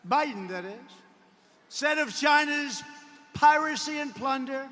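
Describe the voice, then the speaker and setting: A man works a rally crowd in a high, forceful voice, boasting, repeating himself and tossing off mocking asides. He breaks into shouts now and then. His words ring out with the long reverb of a large indoor arena. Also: moderate pace. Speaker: politician addressing a campaign rally. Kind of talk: rally speech.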